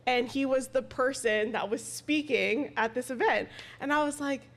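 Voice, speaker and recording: A woman's voice: high voice, normal speed, gravelly. A woman on a podcast casually telling a personal story, adding quoted asides as she goes. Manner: chatty, tells personal anecdotes with quoted asides.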